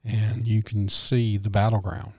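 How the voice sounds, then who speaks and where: A man's voice: lowish voice, flat delivery, unhurried, no room sound, studio quality. A man co-hosting a podcast, telling a story in casual chat with enthusiasm and frequent "you know"s. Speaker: podcast co-host.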